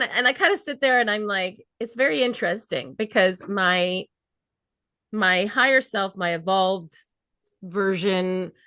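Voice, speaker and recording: A woman co-hosting a podcast in a casual spiritual chat, animated and laughing as she acts out her own inner voices. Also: lowish voice, dry recording, clean studio sound. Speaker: podcast co-host.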